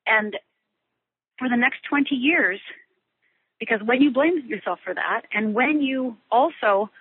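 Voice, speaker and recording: Husky-voiced middle-aged woman on a tinny phone line. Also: fairly high pitch, dry recording. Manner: halting, many restarts and fillers. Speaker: guest. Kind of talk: telling a personal story in an interview.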